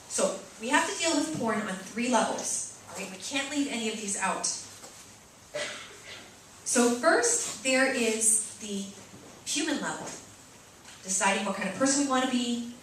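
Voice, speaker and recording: Fairly high-voiced nun from boston, chatty storyteller, big echoey room, mic far off. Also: female voice, animated, a little slow, pauses often, fairly bright tone, a little hiss or hum. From Boston, USA. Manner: chatty storytelling, asks "right?" often. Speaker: Catholic sister giving a talk. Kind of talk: lively talk to students and parents. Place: large room with an audience.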